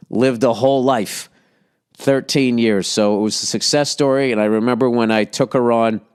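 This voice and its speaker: A man with a somewhat low voice tells a casual story as a podcast host. He rambles, full of filler words and the odd swear word, and sounds fond as he looks back. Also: clear, resonant tone. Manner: fond and reminiscing.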